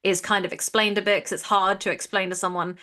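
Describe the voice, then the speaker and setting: A woman's voice: mid-range voice, little pitch movement, fast, bright, forceful tone. A woman co-hosting a live episode rewatch show, chatting casually, laughing easily and restarting her sentences. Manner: chatty, giggly, restarts often. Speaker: podcast co-host.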